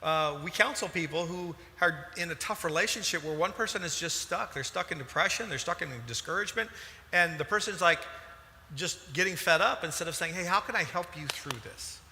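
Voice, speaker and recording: Man, pastor, animated sermon, fairly high bright voice, reverberant church hall. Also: brisk. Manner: animated, emphatic preaching with sudden loud bursts.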